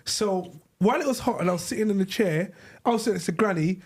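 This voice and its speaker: Animated high-voiced man telling stories. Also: fast talker, slightly rough. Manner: animated, laughing storyteller with slang. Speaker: podcast co-host. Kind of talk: casual storytelling with friends. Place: live podcast studio.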